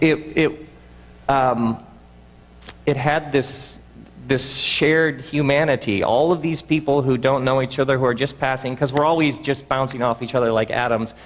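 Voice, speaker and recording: A man giving a reflective storytelling talk, earnest and halting, restarting his sentences often. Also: mid-range voice, long reverb tail, rough recording. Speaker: speaker.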